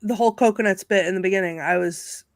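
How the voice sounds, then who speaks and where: A woman's voice: mid-range voice, fast talker, no room sound. A woman in casual chat on a movie panel, laughing often and reading aloud from her notes. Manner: giggly, animated, reads out notes.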